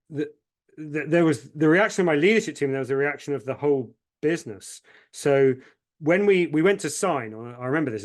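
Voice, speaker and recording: A man with a mid-range voice, an agency founder appearing as a podcast guest, tells his story candidly and with feeling. When moved, he repeats words, and he acts out what other people said.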